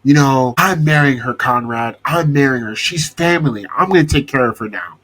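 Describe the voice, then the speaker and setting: A man putting on the voice of an insecure, smug young man from a TV drama, speaking low and reassuringly, with a husky tone. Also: normal speed, fairly bright tone.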